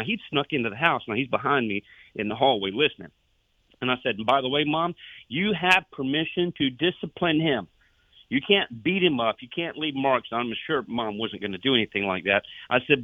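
A man's voice: medium pitch, no room sound. A man and former police officer, telling stories and preaching earnestly on a Christian radio talk show. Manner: earnest, preachy storyteller who acts out dialogue. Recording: tinny phone-line radio sound, dry.

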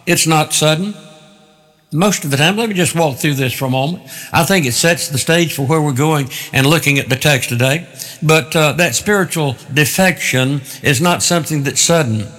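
A man preaching an expository sermon, deliberate and emphatic, repeating phrases to drive points home. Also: a little high, a bit bright. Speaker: pastor.

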